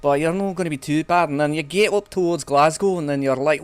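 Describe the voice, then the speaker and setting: A man's voice: fairly high pitch, brisk, few pauses, smooth, no echo. A young man streaming a game, rambling and joking casually with some swearing. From England. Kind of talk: casual gameplay chat.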